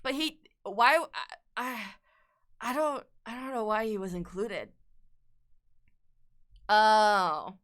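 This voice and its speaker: A woman's voice: medium pitch, slow pace, long pauses, fairly bright tone. A young woman chatting casually as an art streamer while she sketches, rambling, swearing a lot and laughing often.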